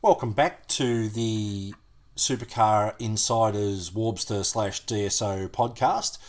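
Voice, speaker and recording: A man's voice: fairly low pitch, slow. A man co-hosting a podcast in casual banter. He is teasing and playful and often breaks in with questions. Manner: teasing, playful, with many interruptions. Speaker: podcast co-host.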